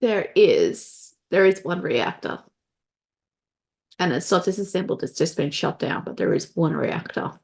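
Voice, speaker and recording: A woman running a tabletop role-playing game as game master, narrating scenes in a relaxed, conversational way. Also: on the low side, measured pace, creaky.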